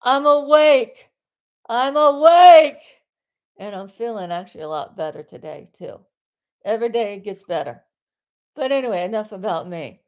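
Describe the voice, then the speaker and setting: A woman from South Florida ranting loudly on a live stream from her bedroom, rambling and exasperated, with bursts of yelling. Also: medium pitch, lively intonation, brisk.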